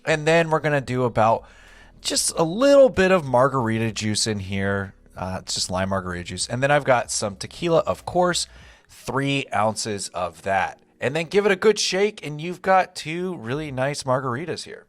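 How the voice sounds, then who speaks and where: A young man talks through a home recipe step by step, relaxed and chatty. His voice moves a lot in pitch, and the sound is dry and close, with no room echo. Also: moderate pace. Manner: relaxed, step-by-step instructions with frequent "gonna go ahead". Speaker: home cook and channel host. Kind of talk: casual cooking walkthrough. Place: home kitchen.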